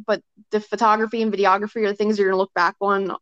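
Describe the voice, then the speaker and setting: A woman's voice: mid-range voice, level tone, very fast, a bit bright, clear, resonant tone, dry recording. A young woman guesting on a podcast, chatting casually with lots of fillers and short acted-out quotes. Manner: chatty, filler-heavy, often acts out quotes. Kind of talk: casual chat. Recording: dry, slightly dull sound.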